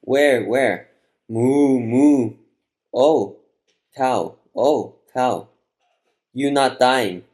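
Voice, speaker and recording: A man voicing a frightened elderly woman who relives her childhood in broken English, crying out loudly. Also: medium pitch, slow pace, few pauses. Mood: panicked. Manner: broken English, loud pleading cries.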